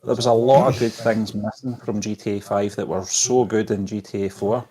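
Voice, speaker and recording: A man's voice: on the low side, steady tone, normal speed, warm tone. A man co-hosting a casual gaming chat, talking hesitantly and correcting himself as he goes. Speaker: podcast co-host.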